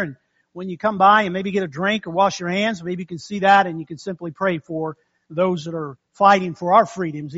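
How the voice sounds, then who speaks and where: A man's voice: high-pitched, a bit bright, lo-fi sound. A man preaching a sermon as pastor in a folksy, conversational way, calling out amens to the congregation.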